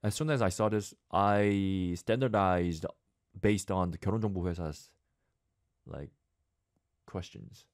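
A man's voice: sits low, no room sound, clean studio sound. Earnest man. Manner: earnest, restarts words, halting English. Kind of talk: casual chat.

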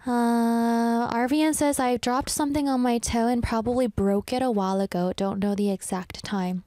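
A young woman hosts a radio show in a playful, teasing way, reading listener messages aloud and adding quick asides. Her voice sits a little high. The studio sound is dry and close. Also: animated, mellow, dry recording. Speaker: radio host.

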